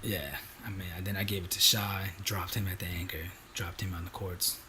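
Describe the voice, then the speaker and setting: With a low voice and a brisk delivery, this young podcast co-host spins lively, slangy stories in casual chat, performing other people's lines. Faint music plays in the background.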